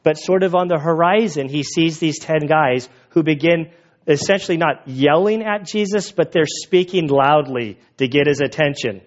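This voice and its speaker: A man delivering a sermon with a somewhat high-pitched voice, talking casually and with animation as he retells a story. The recording sounds a little dull and lo-fi. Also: moderate pace. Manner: conversational, animated retelling with acted quotes. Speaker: pastor.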